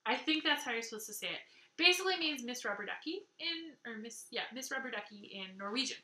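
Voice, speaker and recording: A woman from Canada hosting a knitting video podcast, chatting excitedly to camera and gushing over gifts she received. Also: on the high side, fast talker, roomy sound. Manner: excitable, gushing, laughs often. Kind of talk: casual chat to camera.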